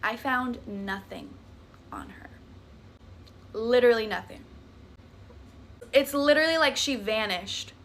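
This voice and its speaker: A woman's voice: fairly high pitch, unhurried, long pauses. A young woman with a Southern US accent, dramatically telling a scary story in a chatty, profane, casual way. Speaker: TikTok creator.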